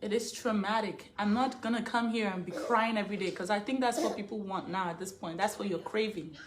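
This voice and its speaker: A woman's voice: medium pitch, fairly quick, crowd noise. A young woman from Africa speaking straight to her viewers in an emotional vlog, indignant and repeating herself as she builds to defiant outbursts. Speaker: vlogger. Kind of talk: emotional direct-to-camera vlog.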